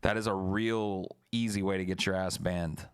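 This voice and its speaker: A man's voice: low voice, fairly even intonation, moderate pace, smooth. A young man streaming, telling a story casually and talking back to his chat in a profane, blunt, laid-back way.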